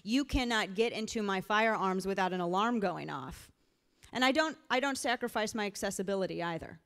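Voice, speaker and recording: A middle-aged woman from the Missouri Ozarks delivers an emphatic rally speech that moves between pointed argument and folksy storytelling. Her voice sits at a middle pitch and carries through a large hall with a long, lingering reverb. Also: fairly quick, fairly bright tone. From rural Missouri Ozarks. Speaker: political speaker.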